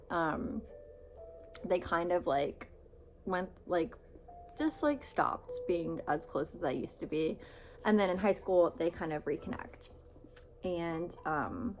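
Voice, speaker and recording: A woman's voice: medium pitch, a little hiss or hum. Gushing young woman reviewing books. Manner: gushing, filler-heavy with many "like"s and repeats. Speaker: book vlogger. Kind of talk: casual book review vlog.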